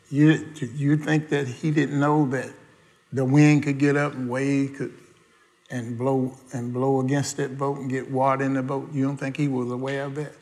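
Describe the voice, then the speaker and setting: A man's voice: mid-range voice, darkish tone. A man preaching a sermon, quizzing the congregation with questions and folksy asides, in everyday dialect grammar.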